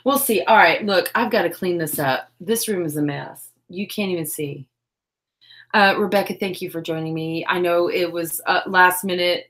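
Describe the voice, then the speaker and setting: A woman's voice: lowish voice, moderate pace, a bit bright. Chatty woman hosting a craft stream. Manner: chatty, self-deprecating, reads chat aloud. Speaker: crafting livestream host. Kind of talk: casual livestream chat. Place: home craft room.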